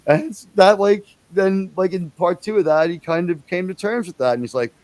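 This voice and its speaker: A man's voice: high voice, normal speed, few pauses, darkish tone, dry recording. A man hosting a casual livestream, rambling and chatty, with enthusiastic, profane asides. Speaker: livestream host.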